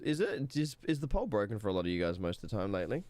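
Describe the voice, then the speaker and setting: A man's voice: on the low side, big pitch swings, racing, darkish tone, dry recording. A congested man streaming a game, chatting with viewers and playfully copying a posh narrator voice. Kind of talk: casual live-stream commentary.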